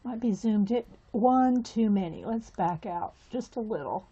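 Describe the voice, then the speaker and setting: Slightly high and mellow, with a husky quality and lively intonation, a woman speaks unhurriedly while hosting a casual livestream and coloring with viewers. She gushes and chats, exclaiming often, over dull lo-fi audio.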